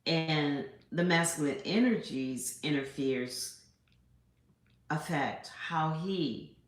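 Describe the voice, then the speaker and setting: A middle-aged woman hosting her own spiritual channel, speaking in a slow, reflective, meditative monologue full of pauses. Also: low-pitched, echoey room.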